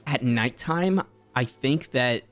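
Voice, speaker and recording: A young man hosting a casual conversation about voice acting, animated and laughing often, acting out quotes. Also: mid-range voice, slow, faint music behind. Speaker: host, voice actor.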